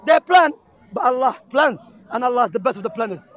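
A man's voice: very high voice, lively intonation, fairly quick, lo-fi sound. A man with an Arabic accent, preaching heatedly and insistently to a crowd outdoors in a public park, repeating his points. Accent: Arabic-accented English. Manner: impassioned, insistent, repeats himself. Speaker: street preacher debating a crowd. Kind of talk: heated street debate.

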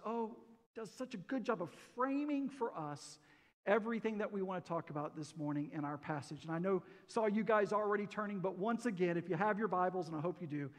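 Folksy preacher, high voice. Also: male voice. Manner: folksy, joking, asks the congregation questions. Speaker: pastor. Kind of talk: sermon. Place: church sanctuary. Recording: church hall reverb.

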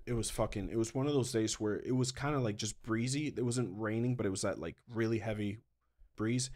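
A man's voice: fairly low pitch, a little fast. A man telling a rambling story as a podcast guest, swearing a lot and laughing mid-sentence. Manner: does animated voices when quoting people. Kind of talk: casual chat.

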